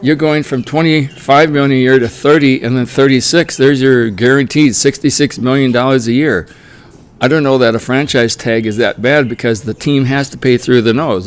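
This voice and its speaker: A middle-aged man talking through his opinions in a relaxed, unscripted monologue. His voice sits at an ordinary middle pitch, and he sounds firmly opinionated as he argues his point. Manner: opinionated, mocks players in whiny quoted voices. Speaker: sports commentary vlogger.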